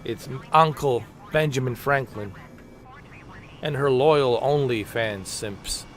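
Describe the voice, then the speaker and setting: A man's voice: medium pitch, slow pace. Exasperated man rambling over gameplay. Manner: exasperated comic rambling with muttered asides. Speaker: livestreamer. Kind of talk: casual gaming commentary.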